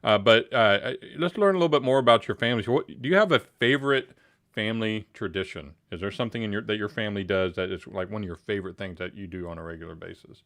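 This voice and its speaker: A man's voice: fairly low pitch, quick pace, a bit bright. A man hosting a casual livestream interview, chatty and joking as he asks personal questions.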